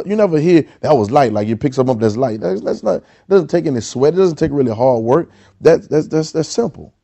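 A man preaching a sermon, calling on the congregation to answer back and building to loud, emphatic peaks. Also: mid-range voice, vocal fry. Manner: exhorting, calls for congregation responses.

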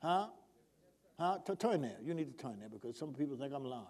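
A man's voice: medium pitch, expressive, brisk, darkish tone. A male preacher delivering a sermon, prodding the congregation with call-and-response questions.

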